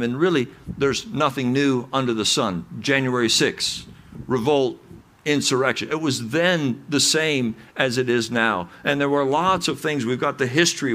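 A man's voice: medium pitch, a bit bright. A man preaching a sermon, talking conversationally with small restarts and growing emphatic when he reads scripture. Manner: earnest, rising to emphatic readings of scripture. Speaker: pastor.

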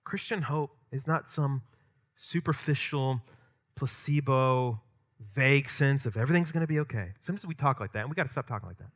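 A man preaching a sermon as pastor, emphatic and conversational, swinging from loud stressed points to quiet asides. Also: fairly high pitch, expressive, moderate pace. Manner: conversational with asides and light humor.

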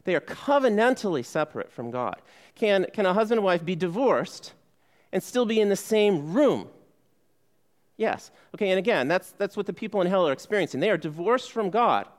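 Male pastor, somewhat higher voice, preaching casually, keeps asking questions and saying "okay". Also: sing-song, normal speed. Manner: conversational, asks the congregation questions and answers them; frequent "okay" fillers and restarts. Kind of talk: sermon.

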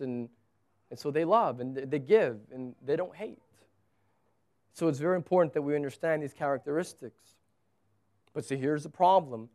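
A man in his thirties preaching a sermon as pastor, earnest, often repeating a word as he presses a point. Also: fairly high pitch. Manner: earnest, repeats words when stressing a point.

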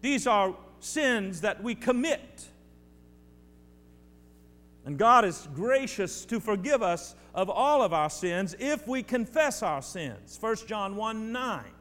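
A man's voice: high voice, big pitch swings, takes it slowly, fairly bright tone. A male pastor delivering a sermon, preaching emphatically with repeated phrases and speaking directly to his congregation. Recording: long hall reverb with faint hum.

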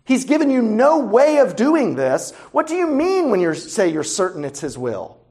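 A man's voice: high voice, huge pitch swings, moderate pace, a little mellow. A middle-aged man preaching a sermon as a pastor, in a conversational, wry, humorous way and throwing rhetorical questions at his listeners.

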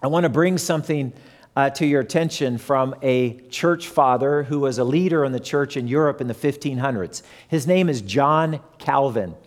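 A man's voice: medium pitch, normal speed. A man preaching a conversational sermon as pastor, asking his listeners questions. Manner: conversational, asks the audience questions. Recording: long hall reverb.

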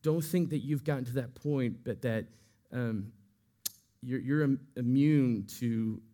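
A man preaching a sermon, his voice rising and swelling when he quotes scripture and falling soft at the ends of lines. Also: medium pitch. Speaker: pastor.

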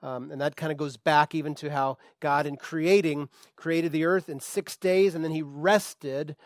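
A man preaches in a loose, conversational manner, often restarting his sentences and using fillers. His voice sits a touch higher than usual. The sound is dry and close, with little room around it. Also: measured pace, dry recording. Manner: relaxed, chatty, with frequent restarts and fillers. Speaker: pastor. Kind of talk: conversational sermon.

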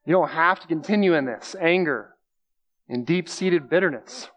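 Slightly high-voiced man preaching casually. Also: moderate pace, a bit bright, lo-fi sound. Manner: explains scripture plainly, repeats phrases, uses everyday examples. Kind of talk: conversational sermon.

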